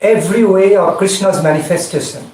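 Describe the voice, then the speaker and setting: A man leading a scripture class, speaking halting non-native English and putting questions to his listeners. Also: sits high, darkish tone, slight background noise. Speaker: spiritual teacher leading a class. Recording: echoey room, distant mic.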